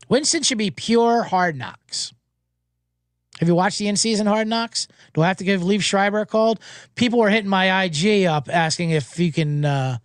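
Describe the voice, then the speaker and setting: A man's voice: high-pitched, dry recording, clean studio sound. A man hosting a sports betting show, recapping games in a rambling, profane, joking way and slipping into mocking voices.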